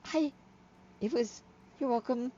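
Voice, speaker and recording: A woman's voice: fairly high pitch, unhurried, mellow, pitched above the performer's own voice, natural voice. A woman voicing an awkward, shy young woman with a tail who stammers nervously, on a slightly muffled recording with faint hiss.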